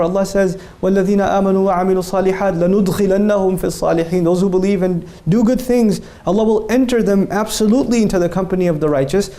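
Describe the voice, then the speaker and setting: A man's voice: high-pitched, dark tone. A man answering interview questions, speaking earnestly and animatedly and telling stories with quoted dialogue.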